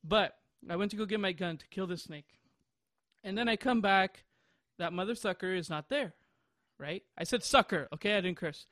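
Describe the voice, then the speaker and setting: A man's voice: high voice, moderate pace, pushed and bright, dry recording, studio quality. A man in his twenties, hosting a podcast, chatting casually and telling a long rambling story with bursts of laughter. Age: 20s. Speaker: podcast host. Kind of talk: casual chat.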